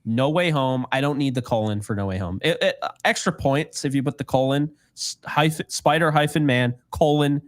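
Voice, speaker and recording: A man's voice: medium pitch, moderate pace, hardly any pauses, no room sound. A man co-hosting a casual podcast, joking and rambling, laughing often. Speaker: podcast co-host. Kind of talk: casual chat.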